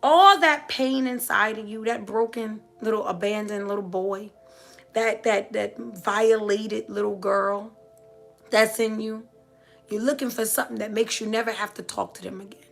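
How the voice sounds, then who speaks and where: A woman's voice: mid-range voice, fairly even intonation, moderate pace, gravelly, soft background music. A middle-aged woman giving a heartfelt motivational talk to live viewers, with emphatic, preacher-like repetition. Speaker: motivational speaker.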